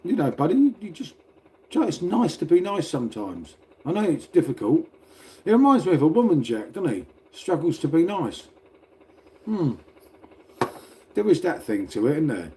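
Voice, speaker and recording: A middle-aged man rambles through a casual livestream chat from his home, his fairly high voice carrying a dark, mellow tone. He laughs often, swears freely and keeps talking straight to his viewers. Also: big pitch swings, normal speed, long pauses. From Britain. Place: indoors at home next to a radiator.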